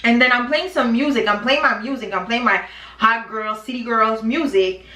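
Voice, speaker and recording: A woman in her twenties tells a dramatic storytime while doing her makeup. Her talk is slangy and chatty, and her voice is bright. She sounds a little distant, in a roomy space with echo. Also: fairly high pitch, normal speed. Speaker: beauty vlogger.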